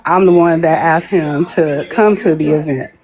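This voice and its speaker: Low and a little mellow, this woman's voice moves at a normal pace over soft background music. She's a live-stream guest telling a lengthy tale in casual, chatty fashion, breaking into laughter and acting out what others said.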